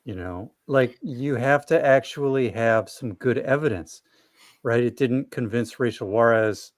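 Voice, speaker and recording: A man's voice: medium pitch, unhurried, dry recording, clean studio sound. A man co-hosting a casual commentary, reading court documents aloud with wry interjections. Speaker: co-host.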